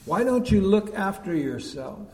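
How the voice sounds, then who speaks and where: Man playing a sly devil, wheedling tempter, highish voice, slow, long hall echo. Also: big pitch swings, a little mellow. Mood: coaxing. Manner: coaxing, insistent.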